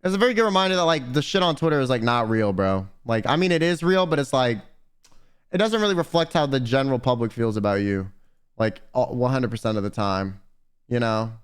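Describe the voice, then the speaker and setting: A young man streaming, telling stories in casual, profane, animated chat. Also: medium pitch, brisk, smooth.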